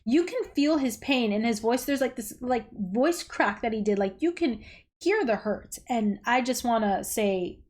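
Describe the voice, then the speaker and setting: A woman hosting a reaction video, blunt and animated, swearing freely and exclaiming as she chats. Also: fairly high pitch, measured pace. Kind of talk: casual reaction commentary.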